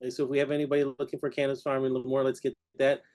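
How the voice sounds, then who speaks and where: A man's voice: mid-range voice, completely flat delivery, very fast, a little mellow. A man co-hosting a video-call meeting, upbeat and encouraging as he wraps up. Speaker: meeting co-host. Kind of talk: casual meeting wrap-up.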